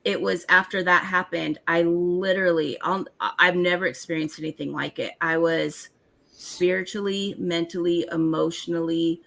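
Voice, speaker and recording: Gravelly bright-voiced woman giving testimony. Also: on the low side, fairly even intonation. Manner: emotional, halting retelling with restarts.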